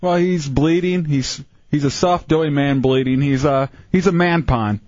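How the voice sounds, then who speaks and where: A man's voice: fairly high pitch, moderate pace, a little mellow, dry recording, muffled recording. A man co-hosting a radio talk show, heckling and sarcastic in casual banter. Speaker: radio co-host. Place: radio studio.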